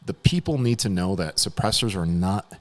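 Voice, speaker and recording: A man's voice: low-pitched, animated, moderate pace. A man who is a podcast guest, talking in an emphatic, opinionated way in casual chat.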